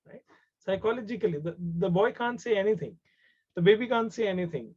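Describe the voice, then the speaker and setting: A man's voice: sits high, a little fast, a little mellow. A man with an Indian English accent tells a story during a webinar. He speaks in a conversational way, repeats words, and slips into Hindi. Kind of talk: storytelling talk. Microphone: video call. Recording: dull lo-fi video call audio.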